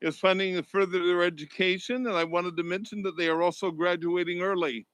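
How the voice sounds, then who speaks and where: A man's voice: high voice, fairly even intonation, a little fast, a bit bright, no echo, rough recording. A man formally presenting a scholarship award at a graduation ceremony, reading prepared remarks.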